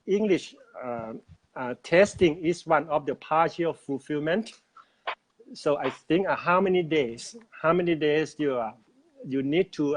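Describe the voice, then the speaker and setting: A man in casual conversation, speaking halting English with many pauses and fillers. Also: a little high, rough recording.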